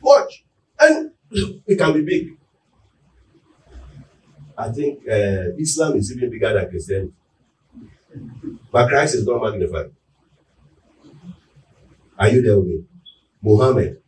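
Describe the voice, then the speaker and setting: A man preaching a sermon, often asking the congregation whether they are with him and building to loud, emphatic peaks. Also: on the low side, big pitch swings, slow pace, long pauses. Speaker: pastor. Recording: echoey room, mic at a distance.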